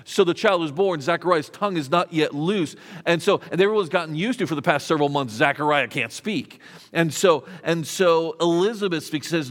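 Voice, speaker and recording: A man with a slightly high voice preaches a conversational sermon, often restarting his phrases and asking the listeners rhetorical questions. His voice carries a long reverb, as in a church sanctuary. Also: fairly quick, fairly bright tone. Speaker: pastor.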